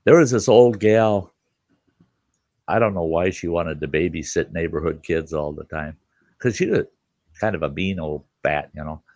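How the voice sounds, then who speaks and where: A man's voice: low-pitched, normal speed, dry recording. An older man hosting a casual chat, telling a story with lots of laughter and cursing. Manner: animated, profane, laughs through his stories. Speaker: podcast host.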